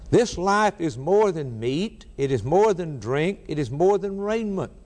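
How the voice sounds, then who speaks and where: A middle-aged man preaching a sermon, emphatic, repeating key words and pausing for effect. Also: on the high side, darkish tone. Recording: long reverberant hall.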